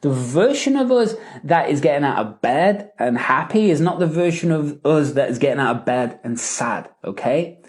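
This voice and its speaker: Man, live Q&A coach, lively pitch swings, emphatic, checks in with the listener. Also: moderate pace, hardly any pauses. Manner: animated, emphatic, checks in with "right?" and "okay?". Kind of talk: live Q&A teaching.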